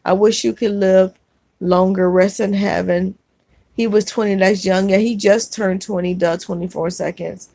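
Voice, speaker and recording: A woman vlogger on a casual livestream, reading viewer comments aloud in a gentle, consoling way, with fillers and restarts. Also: mid-range voice, steady tone, moderate pace, vocal fry, no echo.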